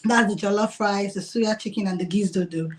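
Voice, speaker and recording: A woman's voice: mid-range voice, fairly quick. Chatty woman restaurant owner. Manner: chatty, laughs often, uses "like" a lot. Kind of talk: casual interview. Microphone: video call.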